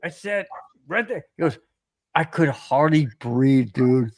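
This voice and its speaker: A man co-hosting a casual sports podcast, telling animated stories, laughing often and stumbling over his words. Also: medium pitch, a little slow. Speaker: podcast co-host.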